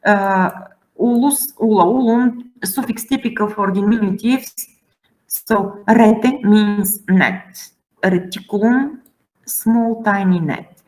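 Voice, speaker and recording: A woman lecturing students on pronunciation rules. She talks slowly and pauses often, filling the gaps with hesitations. Her voice sits at an ordinary middle pitch. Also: darkish tone, rough recording. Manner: slow, halting, many fillers. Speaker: Latin teacher. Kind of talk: classroom lecture.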